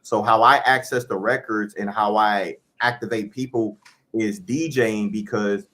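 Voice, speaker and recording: A man guest on a casual interview, calmly explaining his spiritual practice and DJing. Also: fairly low pitch, measured pace.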